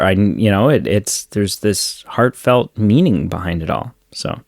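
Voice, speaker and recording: A man's voice: lowish voice, expressive, unhurried, gravelly, no room sound, studio quality. A man co-hosting a podcast, chatting casually and rambling about films, with lots of fillers and restarts. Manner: rambling, acts out film scenes in silly voices. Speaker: podcast co-host. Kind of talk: casual movie discussion.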